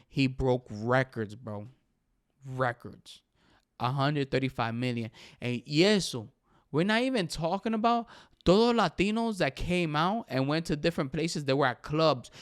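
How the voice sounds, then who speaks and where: A young man hosting a casual talk show, excitedly giving his opinions, switching between English and Spanish and saying "bro" all the time. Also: a little high, a little slow, clean tone. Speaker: podcast host.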